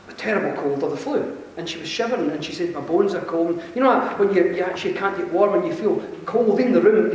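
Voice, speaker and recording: A Scottish man with a Glasgow accent telling an animated, self-deprecating story to a conference audience, chuckling often. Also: sits high. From Scotland. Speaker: conference speaker. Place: large conference hall. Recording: very echoey hall, mic far off, faint hiss.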